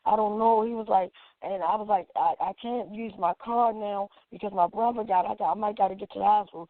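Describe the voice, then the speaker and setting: A woman's voice: mid-range voice, steady tone, a little fast, dry recording. Woman telling her story, playing out what everyone said, sounds like a phone call, no room sound. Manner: acts out quoted dialogue as she talks. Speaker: activist guest. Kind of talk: emotional personal storytelling. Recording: tinny phone-like line, dry.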